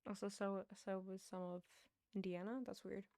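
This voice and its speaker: A woman's voice: mid-range voice, flat delivery, moderate pace, warm tone, no room sound. A young woman streamer chatting casually while she plays a building game, rambling to her viewers. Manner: chatty, rambling, talks to chat while playing.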